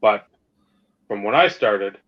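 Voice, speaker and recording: A man's voice: on the low side, expressive, slow. Profane, ranting podcast man. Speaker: podcast co-host. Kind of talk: casual sports and hobby chat. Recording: slightly dull lo-fi sound.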